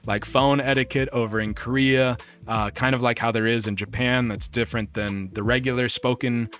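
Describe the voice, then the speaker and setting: A man streamer telling a story casually and reading chat, animated and laughing often. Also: moderate pace. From United States. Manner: animated, laughs often, jumps up in pitch for quoted bits.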